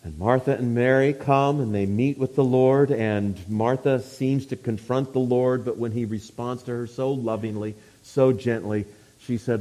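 A man preaching a sermon, swinging from hushed, quiet passages to loud, forceful declarations. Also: mid-range voice, steady tone, moderate pace, hardly any pauses.

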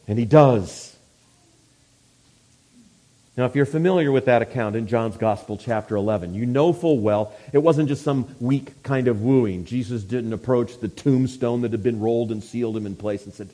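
A man preaching a sermon, swinging from hushed, quiet passages to loud, forceful declarations. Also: mid-range voice, expressive, normal speed.

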